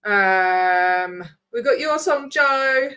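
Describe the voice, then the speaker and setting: A woman's voice: medium pitch, animated, extremely slow, pushed and bright, clear, resonant tone. A woman, rambling casually as she signs off her livestream, swearing freely. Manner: chatty, scattered, swears freely. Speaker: vlogger host.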